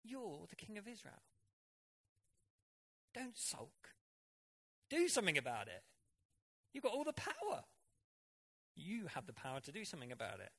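Guy doing a high shrill bossy queen voice, pushing her husband, scornful and jumping way up. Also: huge pitch swings, normal speed, pauses often, a bit bright, breathy edge, no echo, full character voice. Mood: goading. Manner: scornful, pushy goading.

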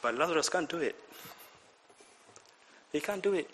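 A man preaching a sermon, animated, repeating words and building up to shouts. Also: a little high, moderate pace, a little hiss or hum. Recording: reverberant hall.

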